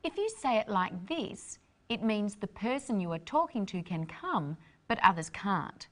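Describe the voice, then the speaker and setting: A woman hosting an English lesson, explaining in a clear, careful scripted delivery. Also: mid-range voice, very animated, unhurried, fairly bright tone. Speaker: host, English teacher.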